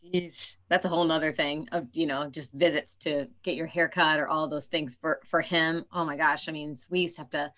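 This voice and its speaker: A woman's voice: low voice, fairly even intonation, normal speed, few pauses, fairly bright tone. A woman hosting a podcast, talking frankly and conversationally and often laughing mid-sentence. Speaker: podcast host. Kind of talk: casual interview talk.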